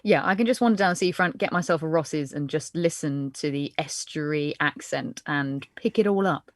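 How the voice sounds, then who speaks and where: A woman's voice: low-pitched, normal speed, no echo, studio quality. A woman actor from South Essex who speaks in a trained Received Pronunciation accent, chatting in a polished, self-mocking way on a video call. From South Essex, England. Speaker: actor and guest. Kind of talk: casual chat.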